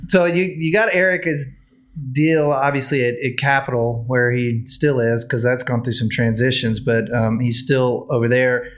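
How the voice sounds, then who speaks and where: A man hosts a podcast interview at an ordinary pitch. His long, conversational questions wander before he gets to the point. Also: flat delivery, normal speed. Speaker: podcast host.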